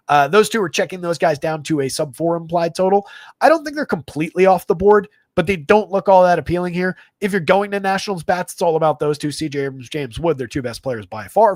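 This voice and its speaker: Fast stat-reading male analyst, dry close mic. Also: fairly high pitch, dry recording. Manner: rapid stat-heavy delivery with frequent fillers. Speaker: fantasy baseball analyst. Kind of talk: live stream sports stats rundown.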